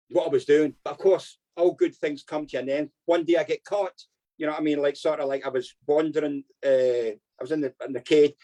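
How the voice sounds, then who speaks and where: An older Scottish man tells long, rambling stories as an interview guest. His voice sits fairly high for a man, and he keeps checking in with his listener as he goes. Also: mellow, rough recording. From Scotland. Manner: rambling anecdotes, frequent "you know what I mean". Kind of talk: storytelling interview.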